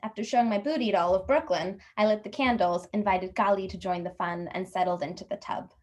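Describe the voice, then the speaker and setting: A woman reading her own humorous personal essay aloud at a workshop, wry and lively, voicing the people in it. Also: medium pitch, fairly quick. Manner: wry, lively storytelling with put-on voices for dialogue. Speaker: workshop reader.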